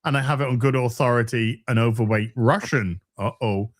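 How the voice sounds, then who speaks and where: A man with a mid-range voice speaks at a moderate pace while co-hosting a casual online talk show. He reads viewer superchats aloud in animated fashion, swearing and laughing often.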